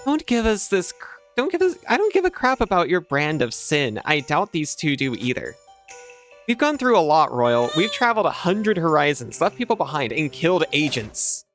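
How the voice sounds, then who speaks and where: A man's voice: on the high side, sing-song, normal speed, hardly any pauses, fairly bright tone, soft background music. A man voicing a blunt, defiant adventuring companion who talks in a brash and scornful way, reading game dialogue aloud.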